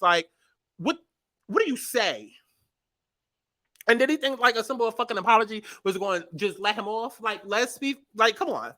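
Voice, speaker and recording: Young woman host, bright punchy voice, cusses and riffs in disbelief. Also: on the high side, normal speed. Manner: animated, profane, exasperated riffing. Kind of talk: comedic commentary.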